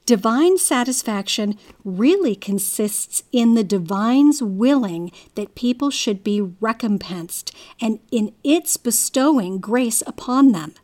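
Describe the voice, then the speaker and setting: Slow, measured woman narrator. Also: a little high. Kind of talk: scripted narration.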